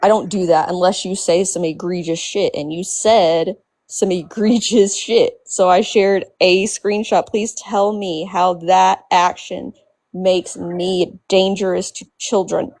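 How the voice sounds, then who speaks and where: Brief: lower-pitched woman, dry-sounding, firm and defensive. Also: steady tone, unhurried, darkish tone, dry recording, rough recording. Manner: defensive, blunt, swearing. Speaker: live audio chat room speaker. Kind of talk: heated live group chat.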